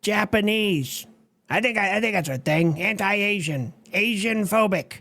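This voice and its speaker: A performer voicing a brash, crude personified America in an animated web series. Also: medium pitch, a little slow, creaky.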